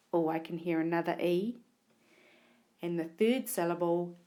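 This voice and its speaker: A woman teacher narrating a whiteboard spelling lesson, sounding out words and letters slowly and deliberately, recorded on a tablet. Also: on the low side, darkish tone, slight background noise.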